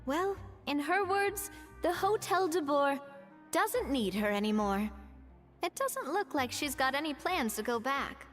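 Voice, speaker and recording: A woman's voice: high voice, expressive, measured pace, fairly bright tone. A woman voicing a friendly, chatty young woman in a video game. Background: faint game music.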